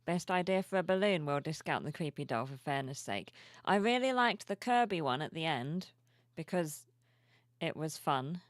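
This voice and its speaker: A sleepy woman streamer chatting softly and cheerfully with her viewers at home, reading their messages aloud. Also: low voice, animated, normal speed, no echo, studio quality. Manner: soft-spoken, cheerful, reads chat aloud. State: sleepy, yawning. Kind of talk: casual live-stream chat. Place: home room with plushies.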